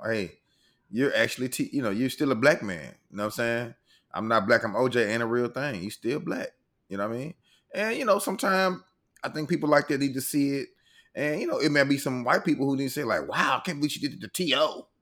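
A man co-hosting a casual podcast chat, talking emphatically. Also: mid-range voice. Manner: animated, emphatic, often acting out quotes. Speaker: podcast co-host.

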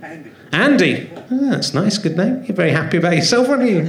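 A man's voice: high-pitched, sing-song, noisy background. A man hosting a comedy podcast on a theatre stage, bantering and teasing the audience with self-mocking riffs. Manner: teasing, self-mocking, quick to riff on the crowd. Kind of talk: live stand-up banter with the audience. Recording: roomy theatre sound with a laughing crowd. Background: audience laughter.

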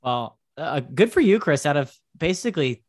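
A man's voice: a little high, sing-song, normal speed, no room sound, studio quality. A man co-hosting a casual podcast, talking playfully and laughing easily. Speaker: podcast co-host. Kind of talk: casual chat.

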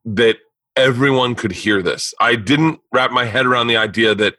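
Bright-voiced man telling a story. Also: mid-range voice, moderate pace, no echo, rough recording. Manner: animated, profane storytelling with frequent restarts. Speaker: podcast host. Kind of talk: casual storytelling chat. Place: indoor home studio.

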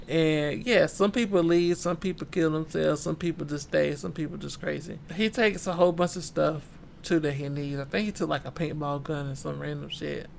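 A man's voice: a little high, moderate pace, creaky, slight background noise. A man co-hosting a casual book-club podcast, retelling a story in laid-back slang and acting out the characters' lines. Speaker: podcast co-host.

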